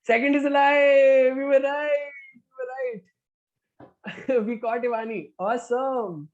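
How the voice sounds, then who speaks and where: A man's voice: very high voice, steady tone, slow pace. A man hosting an online group activity, chatty and encouraging, often saying "all right". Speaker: activity host. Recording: dull lo-fi call audio.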